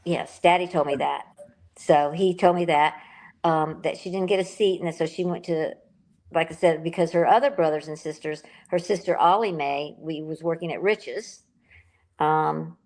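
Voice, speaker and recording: A woman's voice: low voice, normal speed, darkish tone. An older woman, an author being interviewed, talking in a rambling, emotional way and correcting herself as she goes. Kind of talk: casual interview talk.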